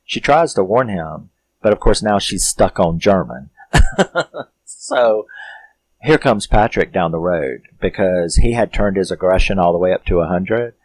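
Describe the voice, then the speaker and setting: A man's voice: deep voice, animated, measured pace. A man casually recapping a film's plot, rambling with lots of fillers and laughs. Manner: rambling, loose, with frequent "you know" fillers; laughs often while retelling. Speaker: film reviewer.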